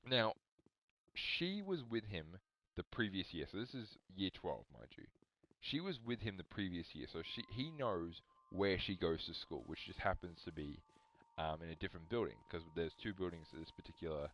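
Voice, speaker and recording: A man's voice: low-pitched, normal speed, muffled recording. A young man rambling through a story on a live stream, talking back to his chat. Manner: rambling, animated, talks to chat.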